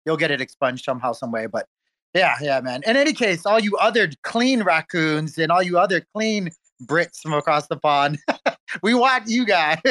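A man's voice: a little high, animated, moderate pace, pushed and bright. A man, a community event organizer, talking in a hyped, friendly, repetitive way in a casual group audio chat.

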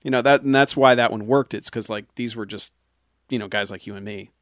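A man's voice: fairly low pitch, fairly quick, fairly bright tone, dry recording, studio quality. A man co-hosting a casual movie podcast, sarcastic and joking. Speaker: podcast co-host.

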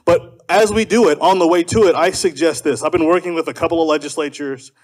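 A man's voice: fairly high pitch, fast. A man from South Carolina speaking fervently at a political gathering in a preacher's style, leading the crowd in call and response. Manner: fervent, leads call and response, shouting refrains. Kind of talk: preacher-like speech to a live audience.

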